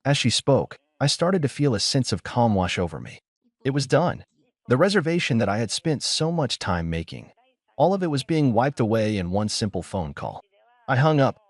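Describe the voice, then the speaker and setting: A man narrating a first-person story in a steady, measured way. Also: mid-range voice, no room sound.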